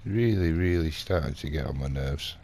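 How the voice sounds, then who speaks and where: A gaming vlogger with an extremely low, dark voice rambles through an indignant in-character gameplay story at normal speed. He tells the anecdote casually and acts out quotes along the way.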